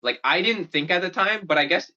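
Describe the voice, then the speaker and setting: Speaking a little fast in a high voice, a young man co-hosts a podcast, casually chatting and animatedly voicing the characters and quotes in his stories. The audio is dull and lo-fi.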